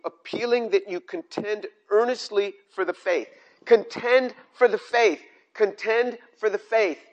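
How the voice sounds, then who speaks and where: A man's voice: sits high, a bit bright. An older man preaching a sermon, emphatic, repeating key phrases and restarting sentences as he goes. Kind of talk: sermon on scripture.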